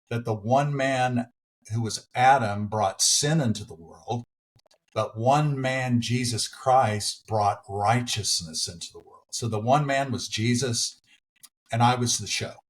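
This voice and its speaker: A middle-aged man, a preacher and actor, telling stories as a podcast guest in an animated, playful way. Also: mid-range voice, a little slow. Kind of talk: storytelling in casual conversation.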